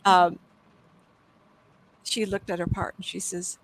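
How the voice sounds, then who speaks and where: Woman medium, middle-aged, rambling storyteller with a gravelly edge and self-corrections. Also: lowish voice, a little slow, pauses often, low-quality recording. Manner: rambling, self-correcting, drifting between asides. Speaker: psychic medium, guest. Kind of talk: storytelling in an interview.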